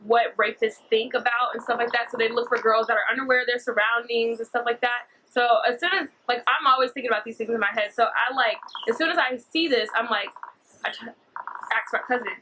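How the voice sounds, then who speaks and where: A woman's voice: fairly high pitch, brisk, bright, forceful tone, a little hiss or hum, rough recording. A young woman rambling through a story-time vlog, full of fillers. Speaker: vlogger.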